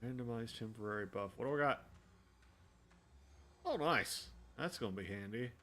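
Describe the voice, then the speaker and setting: A man's voice: mid-range voice, lively intonation, normal speed, a bit bright. A man streaming a game, chatting casually and self-deprecatingly with his viewers while he plays. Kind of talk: casual gameplay commentary. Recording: faint music in the background.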